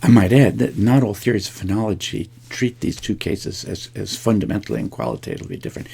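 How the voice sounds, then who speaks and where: A man's voice: lowish voice, quick pace, vocal fry, warm tone, breathy edge. A man giving a recorded linguistics lecture, thinking aloud with frequent restarts and fillers.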